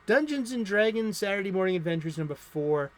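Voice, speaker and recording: A man's voice: high-pitched, animated, fairly quick. A man hosting a casual comic book stream, rambling through new releases and breaking into profane, angry rants. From United States. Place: home studio.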